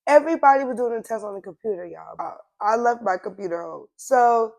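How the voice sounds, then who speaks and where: A young woman tells a casual storytime to her viewers, her voice hoarse and nearly gone. She speaks in a fairly high register. She talks in an animated, slangy way and addresses her viewers directly. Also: brisk. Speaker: storytime vlogger.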